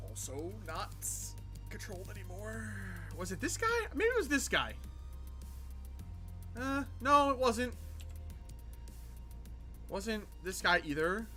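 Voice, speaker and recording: High, lively man streaming a game. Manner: jokey and sarcastic, answers chat, rambling with restarts. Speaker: gaming livestream host. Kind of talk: casual livestream chat while playing.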